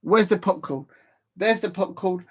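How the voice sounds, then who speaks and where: A man doing live football reaction commentary as a streamer, chatty and quick to exclaim. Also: high voice, breathy edge. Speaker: live watch-along streamer.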